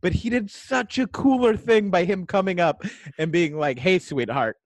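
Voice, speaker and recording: A man's voice: sits high, animated, normal speed, no room sound. A man co-hosting a casual movie chat who jokes a lot and acts out quoted lines. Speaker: podcast co-host.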